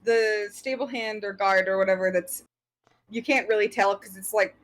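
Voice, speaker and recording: A woman's voice: mid-range voice, normal speed. A woman narrating as game master of a tabletop game, describing scenes in a rambling, searching way.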